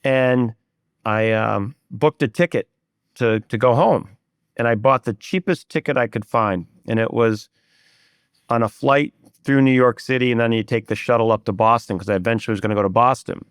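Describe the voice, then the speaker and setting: A man's voice: mid-range voice, moderate pace, clear, resonant tone, no room sound, clean studio sound. A man in an interview, telling a personal story candidly, with many fillers and restarts. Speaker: guest, private equity investor.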